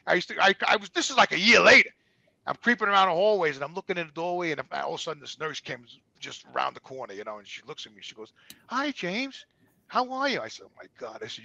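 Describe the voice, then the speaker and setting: Gravelly fast-talking New man. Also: high voice, pushed and bright, no room sound, lo-fi sound. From New York. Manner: rambling, repeats words, swears freely. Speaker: guest. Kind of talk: candid conversational storytelling.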